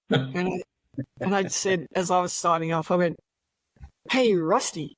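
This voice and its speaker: A woman's voice: fairly low pitch, level tone, measured pace, dry recording, poor audio. Older Australian woman, retired cop, chatty storyteller, dry close mic. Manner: chatty, laughs often, many fillers. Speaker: retired police officer, guest. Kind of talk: casual anecdote telling.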